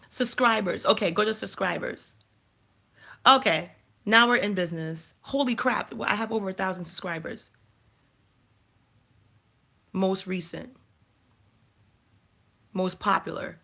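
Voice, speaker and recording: Woman host, unhurried and gravelly, talking to herself as she clicks through settings. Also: mid-range voice, sharp tone. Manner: chatty, thinking aloud while fumbling through settings. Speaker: life coach and channel host. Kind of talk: casual live-stream chat.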